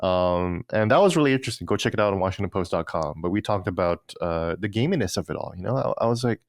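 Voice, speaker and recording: A man's voice: low-pitched, expressive, fast, dry recording, clean studio sound. A man co-hosting a gaming podcast, chatting casually and often repeating and restarting words. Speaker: podcast co-host. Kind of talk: casual chat.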